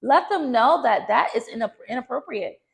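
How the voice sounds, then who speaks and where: A woman's voice: fairly high pitch, expressive, normal speed, creaky. A young woman giving encouraging, direct self-improvement advice to her viewers, repeating key phrases for emphasis. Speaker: lifestyle vlogger. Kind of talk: motivational advice to camera.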